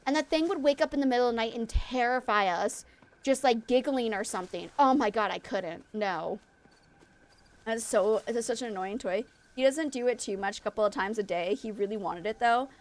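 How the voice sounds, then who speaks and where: A woman streamer chatting casually with her viewers while she plays a game. She is a mother and a former teacher, and she talks in an animated, rambling way with lots of fillers. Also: on the high side, brisk.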